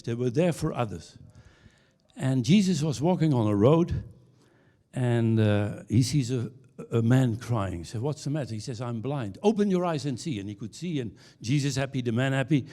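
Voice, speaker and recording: A man speaks from a conference stage in a mellow, warm voice. His pitch sits in the middle range for a man. He builds his points through anecdotes, stumbling over a few restarts before landing the punchline. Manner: anecdotal storyteller with halting restarts, ending on punchlines. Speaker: keynote speaker. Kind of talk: conference keynote talk.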